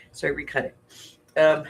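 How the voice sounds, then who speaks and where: A woman's voice: deep voice, a little hiss or hum. A woman hosting a casual live crafting stream. She is sick with a cough and rambles as she greets viewers by name. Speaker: craft channel host.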